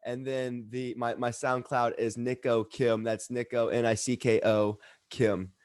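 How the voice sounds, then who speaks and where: A man's voice: mid-range voice, flat delivery, unhurried, darkish tone, clean tone, no room sound, clean studio sound. Stumbling man reading a poem. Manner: earnest, stumbling, self-deprecating. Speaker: poet performer. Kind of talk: poetry reading then casual chat. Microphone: video call.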